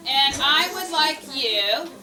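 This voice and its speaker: Slow-talking high-voiced woman teacher. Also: expressive, a crowd in the background. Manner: slow, drawn-out cue words. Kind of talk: classroom instruction. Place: classroom. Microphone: worn teacher mic, recorded from a distance. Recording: echoey classroom mic from far off. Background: classroom noise.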